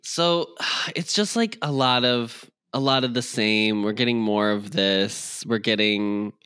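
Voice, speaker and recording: A man's voice: mid-range voice, bright, forceful tone, smooth. A man co-hosting a podcast, chatting casually and wryly recapping a book chapter. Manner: wry, recaps the plot with quick quoted voices. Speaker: podcast co-host. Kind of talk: casual chat.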